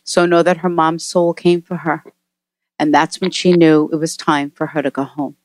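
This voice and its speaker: A woman medium delivers a spirit reading with emphatic, animated energy. Her voice sits close and dry on a podcast mic, with no room sound around it. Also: deep voice, moderate pace, no room sound. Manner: emphatic and animated, repeating messages. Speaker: psychic medium.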